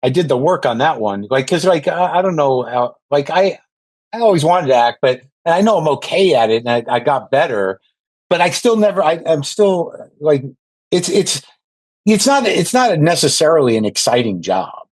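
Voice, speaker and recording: A man's voice: on the high side, big pitch swings, moderate pace, no echo, rough recording. A man in his sixties, a podcast guest, talking in a rambling, self-deprecating way with lots of restarts. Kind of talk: casual podcast chat.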